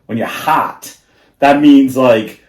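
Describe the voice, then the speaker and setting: A man's voice: medium pitch, slow, a little mellow. A man co-hosting a casual podcast, telling rambling stories full of fillers and frequent laughter. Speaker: podcast co-host. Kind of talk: casual chat. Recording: echoey room.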